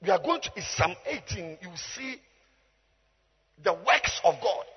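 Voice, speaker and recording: A man preaching an emphatic call-and-response sermon that builds to shouted declarations. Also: high voice, very animated, unhurried, breathy edge. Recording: reverberant hall, muffled sound, faint music.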